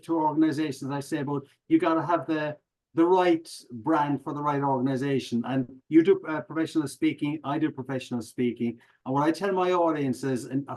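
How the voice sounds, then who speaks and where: A middle-aged Irish man, a professional speaker, telling stories as a podcast guest in a lively, joking way. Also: fairly high pitch, low-quality recording. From Ireland. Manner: animated, jokey, acts out audience reactions. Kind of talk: conversational interview, storytelling.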